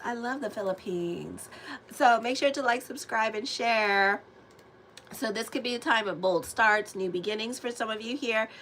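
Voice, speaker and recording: A woman tarot reader talks casually through a reading for her channel. Her voice is bright and sits a little high. She chats freely and turns often to address her viewers. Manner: chatty, animated asides to viewers.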